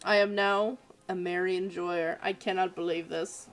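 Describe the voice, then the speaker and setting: A woman's voice: lowish voice, level tone, normal speed, faint music behind. A young woman hosting an art livestream, chatting casually and giggling as she reads viewer messages aloud. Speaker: art streamer reading viewer submissions.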